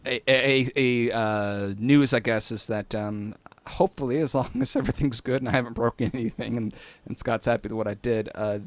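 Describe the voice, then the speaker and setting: A man hosting a tech podcast in casual chat, rambling and repeating words, often laughing. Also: lowish voice. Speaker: podcast host.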